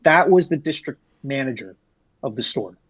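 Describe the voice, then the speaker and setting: Here a young man, a guest who used to work in retail, recounts a story from his job during a relaxed interview, speaking at normal speed in a mid-range voice with a breathy edge. His delivery wanders, full of fillers and restarts, and livens up during the retelling. The recording is dry.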